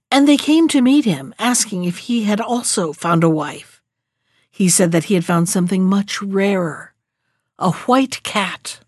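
A woman host reading a fairy tale aloud in a calm, measured storybook manner. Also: mid-range voice, dry recording, clean studio sound.

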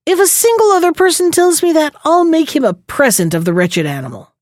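A man's voice: extremely high pitch, sing-song, brisk, no echo, studio quality, voice pushed up. A woman voicing a shrewd, stubborn old peasant man in a storybook reading, speaking plainly and indignantly. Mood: exasperated.

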